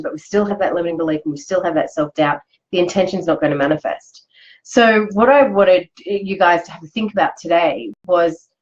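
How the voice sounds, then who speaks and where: A woman's voice: lowish voice, a little mellow, highs cut off. A woman, hosting a chatty, upbeat live motivational talk. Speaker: host. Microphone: live video stream.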